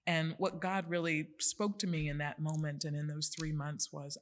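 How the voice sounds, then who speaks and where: A woman's voice: deep voice, flat delivery, moderate pace. A woman in her forties, a podcast guest, telling a personal story in an earnest, emphatic way.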